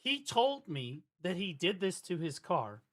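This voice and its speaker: Bright-voiced, profane male streamer. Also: a little slow. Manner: profane, animated, swings from loud outbursts to low mutters. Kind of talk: casual livestream rant.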